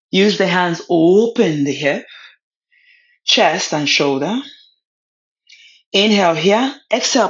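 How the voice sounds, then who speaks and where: A woman leading a yoga class, giving short calm cues for poses and breathing with a word of encouragement now and then. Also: medium pitch. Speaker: yoga instructor. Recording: slightly dull lo-fi sound.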